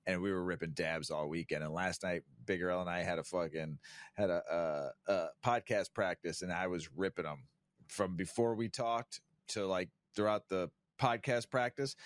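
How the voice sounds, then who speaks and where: A man's voice: deep voice, moderate pace, no room sound, studio quality. A man hosting a casual podcast, talking in a laid-back, profane way, laughing often and acting out his own reactions. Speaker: podcast host. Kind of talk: casual stoner chat.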